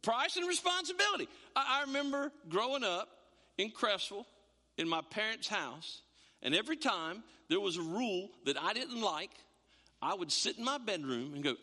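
A man preaching a sermon as pastor, animated, repeating words and acting out quotes. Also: high voice, normal speed. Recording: long hall reverb.

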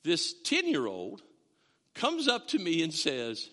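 A man in his fifties preaches a sermon in a church, telling stories with self-mocking asides. His voice sits high and bright and swings widely in pitch. The sound carries a long reverb from the hall. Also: wildly swooping pitch, slow pace. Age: 50s. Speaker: pastor. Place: church sanctuary.

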